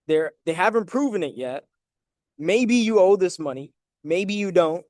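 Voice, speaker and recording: A man's voice: high-pitched, animated, a little slow, darkish tone, no room sound, clean studio sound. A man giving a casual, emphatic lesson on debt collection letters, walking through documents and checking in with viewers. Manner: direct, emphatic, addresses viewers as guys with frequent "right?". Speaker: credit and debt educator. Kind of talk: casual explanatory talk over documents.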